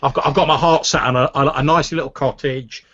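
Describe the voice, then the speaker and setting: Man doing a stammering, apologetic guard, husky and a bit raised. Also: medium pitch, fairly even intonation, brisk, a bit bright, no echo, close to an everyday voice. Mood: candid. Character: nervous, stammering young male town guard. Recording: muffled lo-fi recording.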